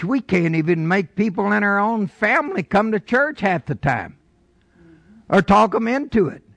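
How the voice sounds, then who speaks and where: An older man delivers a folksy sermon, his voice gravelly and somewhat high. He drifts into homespun stories, then climbs to emphatic, raised lines. The sound is dry and close. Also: fairly bright tone, no echo. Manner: folksy preaching, rising emphatic bursts. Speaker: pastor.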